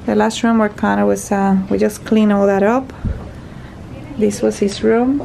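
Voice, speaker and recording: A woman's voice: mid-range voice, fairly even intonation, unhurried, gravelly, mellow, a little hiss or hum, rough recording. A woman chatting playfully in a hospital room, given to sing-song phrases. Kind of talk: casual chat while touring a room.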